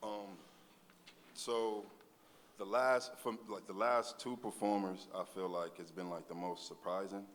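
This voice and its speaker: A man's voice: low voice, level tone, a little slow. A man serving as a talent show judge, giving laid-back, hesitant feedback full of fillers. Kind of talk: casual spoken feedback. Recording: distant, quiet, with hall reverb.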